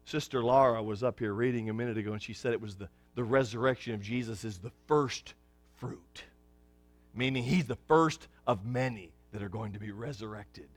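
A pastor preaching a sermon, folksy and joking with the congregation, swinging from hushed lows to excited shouts. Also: male voice, moderate pace, dry recording, faint music behind.

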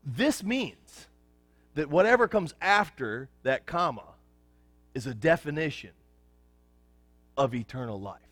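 A pastor preaching a sermon, folksy and joking with the congregation, swinging from hushed lows to excited shouts. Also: male voice, slow pace, pauses often, dry recording.

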